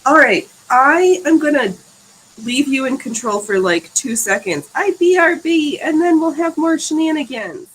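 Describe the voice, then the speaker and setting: A woman's voice: high voice, expressive, unhurried, fairly bright tone, a little hiss or hum, rough recording. A woman hosting a live stream in casual chat, joking along with her guest. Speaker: livestream host.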